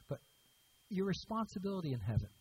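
A man's voice: sits high, sing-song, fast, a little mellow, breathy edge, poor audio. Emphatic male preacher, raised tone. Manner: emphatic, repeats key words for stress. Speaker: pastor. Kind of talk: sermon.

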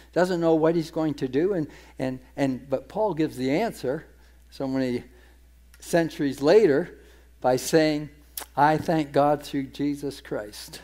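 A man's voice: a little high, warm tone. A man giving a conversational Bible teaching, paraphrasing scripture in everyday speech with frequent restarts and repeated words. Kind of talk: sermon-style Bible teaching.

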